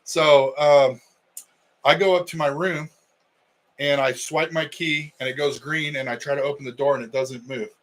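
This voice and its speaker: A man's voice: a little high, steady tone, moderate pace, rough recording. A middle-aged man, a wrestling coach co-hosting a podcast, telling a story in casual chat and acting out the quotes.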